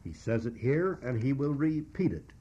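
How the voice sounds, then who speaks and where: A man preaching a verse-by-verse Bible exposition, teaching in a measured, emphatic way with frequent "uh" pauses. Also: medium pitch, big pitch swings, mellow, husky. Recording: dull lo-fi recording.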